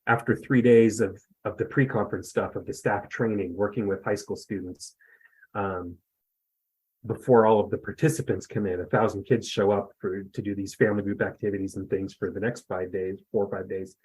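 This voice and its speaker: A man's voice: lowish voice, steady tone, moderate pace, a little mellow, husky, rough recording. A man in his fifties from the US West Coast, a podcast guest telling a story in a rambling, self-deprecating way. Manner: rambling, self-deprecating, many fillers and restarts. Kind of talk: casual storytelling.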